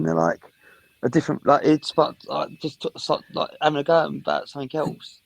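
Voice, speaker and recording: A man's voice: on the high side, a little fast, creaky, no room sound, rough recording. A man, a podcast co-host who tells stories in casual chat and acts out his own reactions. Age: 30s. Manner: animated storytelling, acts out reactions.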